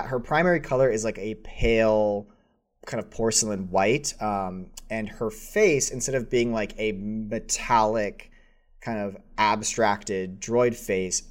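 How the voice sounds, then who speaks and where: Game master, male, fairly low voice, loose narration full of fillers. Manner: casual, rambling, many fillers.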